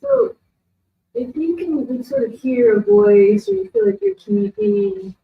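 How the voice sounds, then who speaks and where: A woman's voice: extremely high pitch, animated, normal speed, creaky, slight background noise. A woman in the audience asking a hesitant question, searching for her words. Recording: distant, echoey, phone-like sound.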